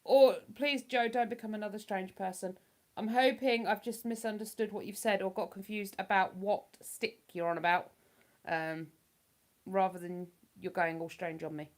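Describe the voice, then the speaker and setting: A woman's voice: medium pitch, fairly even intonation, normal speed. A woman hosting a casual livestream, chatting to her viewers and reading their comments aloud in a rambling, self-deprecating way. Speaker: livestream host reading chat. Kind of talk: casual live chat.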